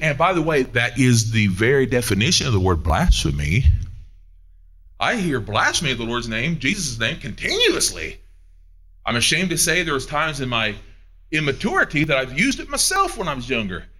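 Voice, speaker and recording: A man preaching a sermon, emphatic, asking the listeners questions and swinging between loud and hushed. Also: mid-range voice, sing-song, moderate pace. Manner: asks the audience questions.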